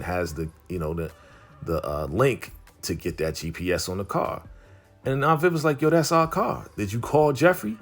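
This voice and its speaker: A man casually recapping a TV episode, in a slangy, laid-back way that leans on filler phrases. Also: sits low. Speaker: TV recap vlogger.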